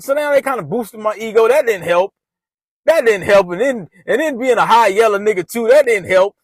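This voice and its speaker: A man's voice: high-pitched, no room sound. A man casually retelling a personal story in loose slang, often restarting his sentences.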